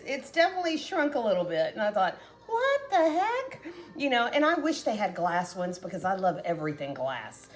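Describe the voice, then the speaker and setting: Chatty woman home cook hosting her own vlog, folksy, higher voice that bounces around a lot. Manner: chatty and folksy, talking straight to viewers. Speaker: home cooking vlogger. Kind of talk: casual cooking demonstration.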